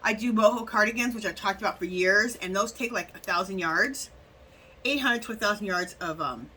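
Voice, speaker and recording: A woman's voice: mid-range voice, brisk, sharp tone, slight background noise, poor audio. A woman chatting casually in a craft haul vlog, telling a rambling story with plenty of restarts and asides. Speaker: craft vlogger.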